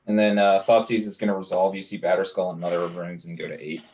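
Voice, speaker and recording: Deep-voiced man thinking through card plays. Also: flat delivery, fast talker, darkish tone, slight background noise. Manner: thinks aloud, hesitant, working out plays. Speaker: card game player. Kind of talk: casual tabletop play talk.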